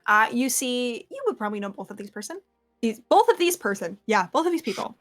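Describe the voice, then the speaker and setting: A woman's voice: on the high side, sing-song, brisk, fairly bright tone, soft background music. Rambling young woman game master. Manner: rambling, filler-heavy, casual. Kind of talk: narrating and voicing a tabletop game.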